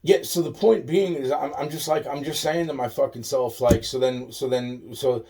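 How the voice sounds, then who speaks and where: A man's voice: mid-range voice, fairly even intonation, moderate pace, few pauses, dark tone. A man delivering a rambling, agitated monologue, swearing constantly and repeating himself. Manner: profane, agitated, repetitive ranting.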